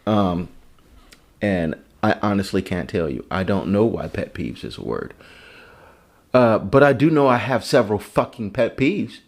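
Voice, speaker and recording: A young man hosts his own show alone, talking loosely and cursing freely as he drifts from one thought to the next. His pitch leaps and dips all over the place as he jokes along. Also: a little slow, vocal fry. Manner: profane, rambling and animated. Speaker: podcast host. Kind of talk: casual comedic monologue.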